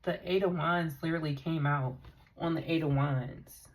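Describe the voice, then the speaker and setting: A woman with a fairly low voice giving an intuitive tarot reading. She speaks earnestly and with emotion, leaning on casual fillers as she goes. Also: steady tone, normal speed, poor audio. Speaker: tarot reader.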